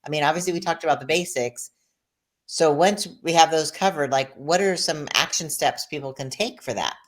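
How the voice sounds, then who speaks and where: Brief: woman host, low voice, animated, enthusiastic reactions. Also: moderate pace. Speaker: podcast host. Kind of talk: interview conversation.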